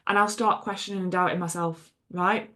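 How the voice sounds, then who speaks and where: A woman's voice: fairly low pitch, fairly even intonation, fairly quick, a bit bright. A woman hosting her own podcast as a coach, talking unscripted, chatty and emphatic, with lots of fillers and blunt swearing. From England. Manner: chatty and emphatic, frequent fillers and "okay?" asides. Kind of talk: unscripted solo podcast monologue.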